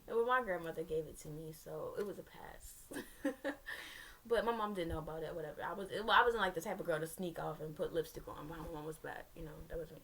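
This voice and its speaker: A woman's voice: low-pitched, brisk, a bit bright. A young woman telling a personal story to her viewers in a candid, rambling way, with sassy asides. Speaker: vlogger.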